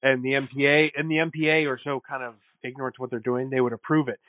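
A man's voice: medium pitch, flat delivery, quick pace, no room sound. A man co-hosting a casual podcast chat, telling stories animatedly and acting out quotes with bursts of laughter. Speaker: podcast co-host. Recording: dry, phone-like narrow sound.

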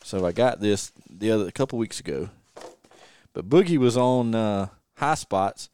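A man hosting a podcast, an ex-wrestler telling stories in a lively, anecdotal way. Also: lowish voice, normal speed, clear, resonant tone. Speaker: podcast host and former wrestler. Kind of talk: casual storytelling interview.

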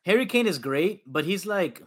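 A man's voice: high voice, expressive, normal speed, fairly bright tone, breathy edge. A man in casual sports chat on a podcast, blunt and jokey, with the odd swear word.

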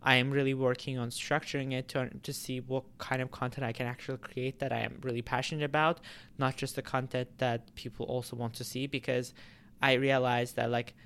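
Smooth-voiced man rambling casually. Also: mid-range voice, flat delivery, fairly quick, a bit bright. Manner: rambling, many fillers and restarts. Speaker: YouTuber. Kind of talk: casual vlog talk to camera.

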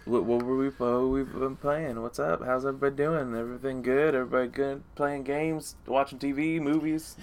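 A man's voice: medium pitch, fairly even intonation, a little fast, few pauses. A man hosting a casual podcast chat, joking and laughing often as he talks with his friends. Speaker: podcast host.

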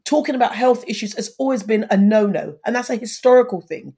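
A woman's voice: on the high side, lively intonation, fast, warm tone, breathy edge. A woman in her fifties, a guest in an interview, talking earnestly and giving advice, with frequent restarts. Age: 50s. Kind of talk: conversational interview.

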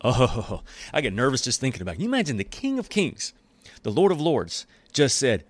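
A man giving a casual, joking Bible teaching in an animated, conversational way. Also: medium pitch, a little fast, no room sound.

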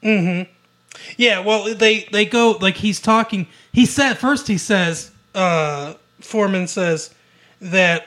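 Man, high bright voice, casual podcast chat, animated retelling, quoting lines. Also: slow. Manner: animated retelling, acts out quoted lines, laughs often. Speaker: podcast co-host.

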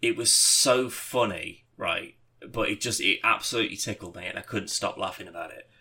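A man's voice: sits low, normal speed, pushed and bright, a little hiss or hum. A man hosting a podcast, telling rambling anecdotes with lots of fillers and swearing. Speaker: podcast host. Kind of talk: casual chat.

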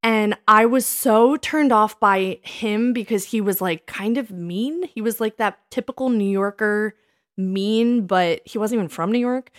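Animated woman telling dating stories. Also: measured pace. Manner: animated, laughing, quotes herself in a higher voice. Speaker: podcast co-host. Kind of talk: casual storytelling chat.

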